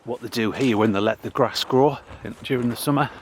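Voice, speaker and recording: A man gives a casual walking tour of a cemetery. He reads old headstones aloud with pauses and restarts, and he is out of breath. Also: mid-range voice, slight background noise. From North East England. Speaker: local history vlogger. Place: outdoors in a cemetery.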